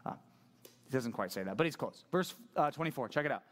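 A male pastor preaching a sermon in a casual, conversational, animated way. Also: medium pitch, a little fast.

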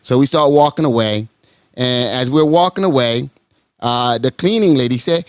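A man telling a long personal story in a casual podcast chat. He acts out the people in it with sudden high-pitched voices and repeats his words as he goes. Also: moderate pace, clean tone, no echo, studio quality.

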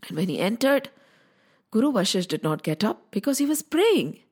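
A woman telling a children's story in an animated way, asking listeners questions and adding sound effects. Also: medium pitch, moderate pace, husky.

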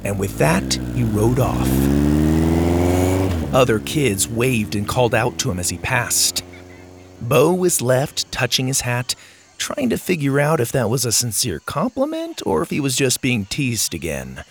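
A man narrating a children's adventure audiobook, reading with expressive character voices. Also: medium pitch, unhurried, vocal fry, a little hiss or hum.

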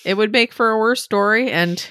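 A woman's voice: medium pitch, moderate pace, a bit bright, no room sound, clean studio sound. A woman in casual chat, agreeing readily with short replies. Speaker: book podcast co-host.

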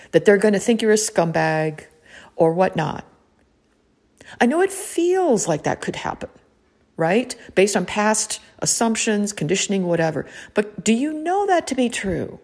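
A woman hosting a podcast, talking listeners through a gentle, probing self-inquiry with many questions. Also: medium pitch. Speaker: podcast host. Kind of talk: reflective coaching talk.

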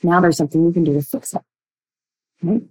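A young woman coaching listeners on relationship patterns in a blunt, emphatic way, with sudden shifts between quick bursts and slow, drawn-out words. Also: lowish voice, a little mellow, husky, rough recording. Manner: blunt, emphatic, speeds up and slows down a lot. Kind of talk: direct-to-listener coaching talk.

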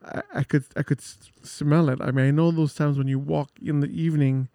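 A man hosts a radio show and cheerfully sets up the next song. His voice sits a little high for a man and comes across close and dry in the studio. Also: flat delivery, fairly quick, warm tone, no echo. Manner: enthusiastic, chatty, introduces songs. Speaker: radio host. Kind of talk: casual radio chat.

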